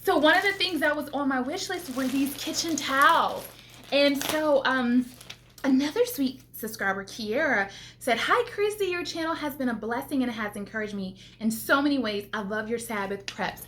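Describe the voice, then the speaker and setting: A woman vlogger who makes homemaking videos tells a faith-filled story to her viewers in a casual, lively way. She acts out what she and others said, laughs often, and her voice sits fairly high. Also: moderate pace, slight background noise. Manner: animated, quoting herself and others, laughing often.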